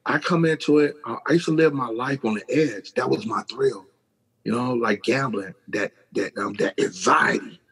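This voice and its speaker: A husky middle-aged man spins a story in loose podcast talk, acting out what others said with big jumps in his voice. His delivery is raw and animated, with plenty of swearing, at a steady mid pitch. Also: normal speed, low-quality recording. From California. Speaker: podcast guest. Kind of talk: casual storytelling.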